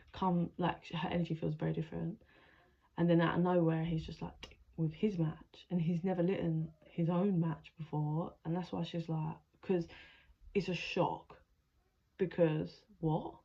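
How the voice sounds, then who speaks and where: Gravelly low-voiced woman reading tarot. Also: dull audio. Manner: rambling, emotional, swears freely. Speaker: spiritual adviser, tarot reader. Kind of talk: channeled tarot reading, casual storytelling.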